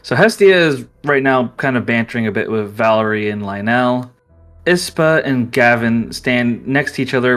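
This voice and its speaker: A man's voice: medium pitch, fairly bright tone. A young man narrating as game master of a tabletop role-playing game, chatty and laughing, with many restarts.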